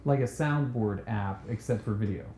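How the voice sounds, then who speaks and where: A man's voice: fairly low pitch, moderate pace, warm tone. A man co-hosting a casual podcast, asking curious questions and teasing his friend. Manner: curious, asks questions and teases. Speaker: podcast co-host. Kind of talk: casual chat. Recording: roomy echo with faint noise.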